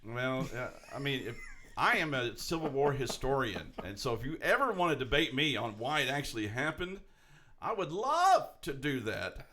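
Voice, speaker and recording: A man, co-hosting a casual chat show, rambling and animated with lots of restarts. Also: mid-range voice, normal speed. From Tennessee. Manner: rambling, animated, puts on voices. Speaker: podcast co-host.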